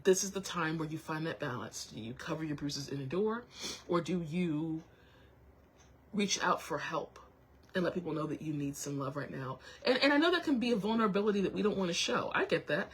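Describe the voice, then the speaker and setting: A young woman hosting her own show, talking to viewers while close to tears, halting with many restarts and apologies. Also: low-pitched, lively intonation, husky. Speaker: show host. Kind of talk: emotional personal talk to viewers.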